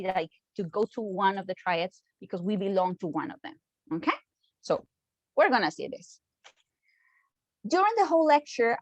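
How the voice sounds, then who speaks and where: A Costa Rican woman whose first language is Spanish gives an online lecture in a chatty style, with a Costa Rican Spanish accent, often checking in with "okay?" Her voice is medium-pitched, and the recording is dry with the highs cut off.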